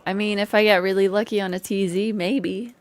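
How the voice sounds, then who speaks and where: A woman's voice: medium pitch, steady tone, fairly quick. A young woman chatting playfully and teasingly with her audience while streaming a game at home. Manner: playful, giggly, teasing chat about slang. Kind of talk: casual live-stream chat.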